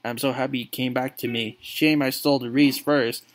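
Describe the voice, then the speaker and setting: A man's voice: mid-range voice, fairly even intonation, normal speed, voice pushed down, close to an everyday voice. A man voicing a bitter, drunken father in a video game playthrough, speaking in a sneering, scornful way. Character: drunken, bitter middle-aged father, gruff.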